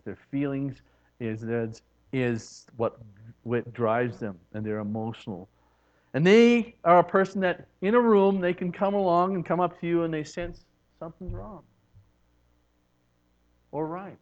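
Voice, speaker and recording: A man teaching in church, who often acts out what people say in soft, hushed voices. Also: fairly high pitch. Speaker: preacher. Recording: dull lo-fi recording.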